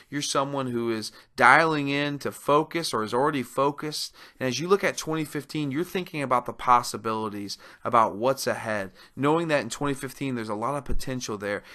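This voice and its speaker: Bright-voiced man giving a motivational webinar. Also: mid-range voice. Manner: earnest, emphatic, asks rhetorical questions. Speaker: webinar presenter.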